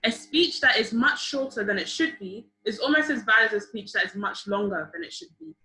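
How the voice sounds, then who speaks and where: A young woman teaches public speaking to a group over a video call. Her bright voice stays lively and encouraging as she keeps asking the class for ideas. The call audio sounds roomy. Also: fairly high pitch, fairly quick. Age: young adult. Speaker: public speaking workshop leader. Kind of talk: online seminar teaching.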